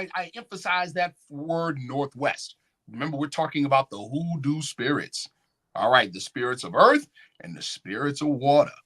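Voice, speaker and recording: A man giving a lecture at a conference, often checking in with the audience with questions. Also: a little high. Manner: animated, call-and-response questions. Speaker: conference speaker. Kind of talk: lecture with slides. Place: conference hall.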